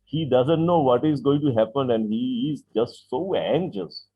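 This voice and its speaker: A man's voice: medium pitch, slightly rough. A man teaching an English class online, repeating phrases, asking "right?" to check understanding and acting out example sentences. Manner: acts out example sentences with lively, drawn-out delivery. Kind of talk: online English lesson explaining vocabulary. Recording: tinny call-like line from an online class.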